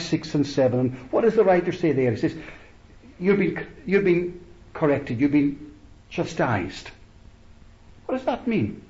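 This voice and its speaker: Male preacher, slightly high voice, very slow measured delivery, muffled lo-fi recording. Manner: slow, deliberate preaching with rising emphatic peaks and soft trailing endings. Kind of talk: sermon.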